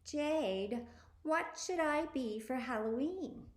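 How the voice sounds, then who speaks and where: A woman voicing a sly, annoying vampire girl, the narrator's older sister, with a squeaky, high-pitched voice. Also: expressive, slow pace, roomy sound.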